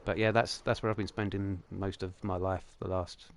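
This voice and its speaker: A man's voice: low-pitched, level tone, moderate pace, vocal fry, slight background noise. A young man hosting a game livestream, talking through it in a chatty, jokey, rambling way. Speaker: livestream host. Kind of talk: casual game commentary.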